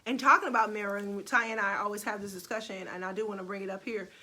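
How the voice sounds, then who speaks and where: Bright-voiced expressive woman astrologer. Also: mid-range voice, rapid-fire. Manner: expressive, laughs often, gets emotional. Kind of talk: casual chat on a live video.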